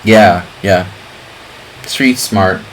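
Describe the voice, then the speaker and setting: A man's voice: sits low, very slow, slight background noise, rough recording. A middle-aged man streaming chess, chatting casually in a rambling way with lots of fillers. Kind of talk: casual live-stream chat.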